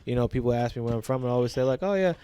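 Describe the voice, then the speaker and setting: A man talks in an easy, unhurried way. He tells his story reflectively and fills his sentences with casual fillers. His pitch sits in an ordinary middle range. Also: completely flat delivery, mellow, a little hiss or hum. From Brooklyn, New York. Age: 40s. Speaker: teacher, podcast guest. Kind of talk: casual conversational interview.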